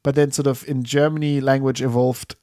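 A man's voice: medium pitch, flat delivery, a little fast, dark tone, no room sound, clean studio sound. A man in casual chat, thinking aloud with hesitant restarts.

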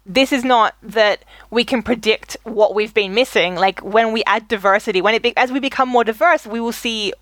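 A young woman co-hosting a podcast in casual chat, animated and quick to laugh, with frequent fillers. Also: fairly high pitch, no echo. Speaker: podcast co-host.

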